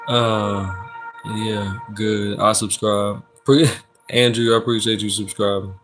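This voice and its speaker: A relaxed man, hosting a livestream and chatting with viewers. His voice sits a little low, and soft music plays faintly behind him. He talks in a loose, joking, slangy way. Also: slow pace. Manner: laid-back, joking, slangy, reads chat aloud. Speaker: livestream host doing personal readings. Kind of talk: casual livestream chat reading comments.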